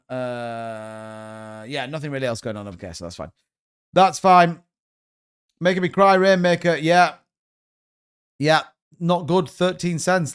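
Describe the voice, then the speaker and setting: A crypto livestream host with a high, clean voice rambles casually while browsing charts. He thinks aloud with obvious exasperation.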